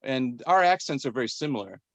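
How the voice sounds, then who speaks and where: A man's voice: medium pitch, lively intonation, a little fast, a bit bright, no echo. Rambling forties man from Minnesota. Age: 40s. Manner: rambling, many restarts. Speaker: podcast host. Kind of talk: casual chat.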